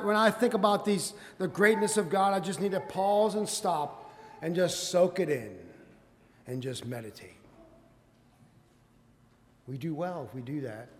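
A man preaching a sermon, quoting scripture in old-fashioned wording and building to loud, emphatic peaks. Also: mid-range voice. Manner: quotes scripture in King James wording. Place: church sanctuary. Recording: long hall reverb.

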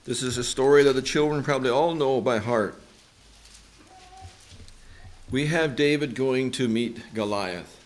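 High-pitched preacher guy in a church, animated storytelling sermon, does voices for the characters.

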